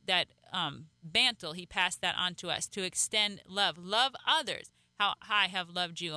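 Bright-voiced woman teaching scripture. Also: medium pitch, no room sound. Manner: preachy, quotes scripture. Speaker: co-host. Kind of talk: Bible teaching talk.

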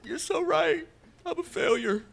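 A man's voice: extremely high pitch, expressive, measured pace, creaky, fairly bright tone, voice pushed up, exaggerated voice. A preacher voicing a guilt-ridden man who whines in self-pity. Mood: despairing. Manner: whiny, self-pitying. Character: despairing guilt-ridden believer, male adult.

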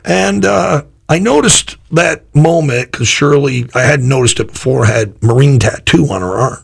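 A male pastor recounts a story in a relaxed interview. His voice sits at a medium pitch with a rough, gravelly edge. He rambles and restarts, and he jumps higher when he voices his own thoughts. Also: normal speed. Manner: loose, rambling delivery with restarts.

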